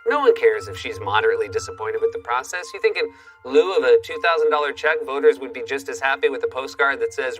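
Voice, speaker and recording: Late-night comic host, quick and bright, sarcastic monologue, faint music under. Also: male voice, mid-range voice, expressive, recorded from a distance, rough recording. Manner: sarcastic, punchy delivery. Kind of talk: comedy monologue.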